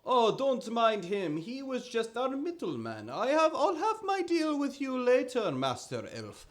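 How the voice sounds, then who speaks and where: A man's voice: extremely high pitch, wildly swooping pitch, unhurried, voice pushed up, exaggerated voice. A man voicing a greedy, fawning male merchant who gushes over his wares in a raised, sweet-talking voice. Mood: smooth. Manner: gushing, salesman's sweet talk.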